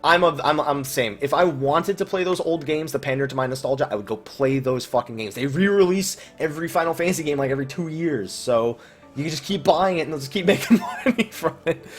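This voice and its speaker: A man's voice: fairly high pitch, brisk, soft background music. A man hosting a casual viewer Q&A about online games, blunt and swearing freely. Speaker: YouTube host answering viewer questions.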